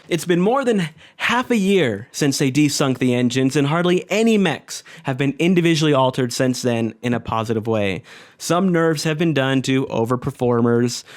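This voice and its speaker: Exasperated man narrating a game critique. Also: on the high side. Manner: exasperated, sarcastic, with sighs and dramatic pauses. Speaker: game commentator. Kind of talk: scripted video essay narration.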